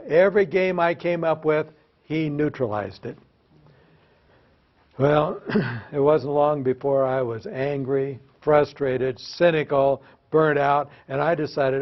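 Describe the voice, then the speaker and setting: Speaking a little slowly in a fairly high pitch, this older man from the United States, a former teacher, entertains an audience with funny stories at his own expense and asks them questions. The sound is lo-fi.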